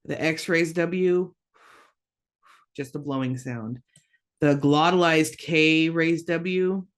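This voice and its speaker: A woman teaching a language lesson, slow and patient, repeating words for learners to echo. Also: deep voice, steady tone.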